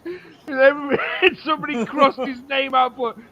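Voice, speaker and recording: A man's voice: very high voice, fairly even intonation, moderate pace, highs cut off, a little hiss or hum. A man in a casual livestream chat, laughing often as he tells crude school stories.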